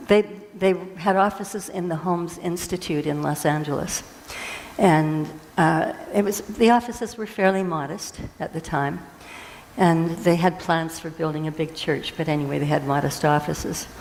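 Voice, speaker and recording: A woman minister telling a story in a sermon, earnest and animated, with frequent restarts. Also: low-pitched, in a large hall, a little hiss or hum, low-quality recording. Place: church sanctuary.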